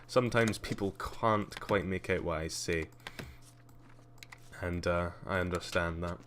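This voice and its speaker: Deep-voiced Scottish man with a posh tinge. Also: unhurried, a bit bright, slight background noise. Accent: Scottish with a slight posh English tinge. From Scotland. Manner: chatty, dry, self-mocking. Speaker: streamer. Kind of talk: casual livestream commentary.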